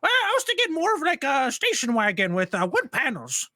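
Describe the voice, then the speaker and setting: A player voicing a playful kobold granny. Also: female voice, high-pitched, huge pitch swings, brisk, bright, forceful tone, dry recording, clean studio sound, heavily acted. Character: grandmotherly kobold granny with many grandchildren.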